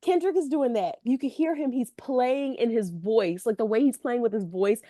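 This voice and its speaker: A woman co-hosting a podcast, telling stories in an animated way and acting out what people said. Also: a little high, moderate pace, dry recording, studio quality. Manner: animated storytelling, quotes people in dramatic voices. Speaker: podcast co-host. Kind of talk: casual chat.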